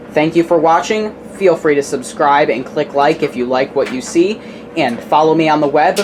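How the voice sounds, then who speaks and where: A man chatting casually while filming at home, narrating in a rambling way with quick asides and self-corrections. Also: mid-range voice. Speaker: appliance video creator. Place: home laundry area. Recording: noisy home camera recording.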